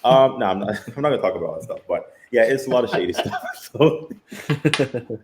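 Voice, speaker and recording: A man's voice: medium pitch, animated, fairly quick. A man speaking as a panelist in a casual live-stream discussion, laid-back and hesitant, with many fillers. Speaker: round table panelist.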